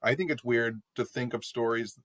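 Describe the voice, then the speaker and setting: A man's voice: mid-range voice, normal speed, a bit bright. Laid-back man co-hosting a podcast. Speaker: podcast co-host. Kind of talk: casual chat.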